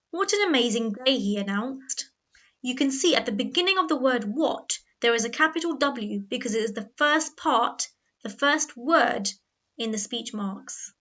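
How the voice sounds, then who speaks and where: Bright-voiced woman teaching grammar. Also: on the high side. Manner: clear, patient, instructive, slows on key words. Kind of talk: grammar lesson narration. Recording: dull lo-fi voice-over.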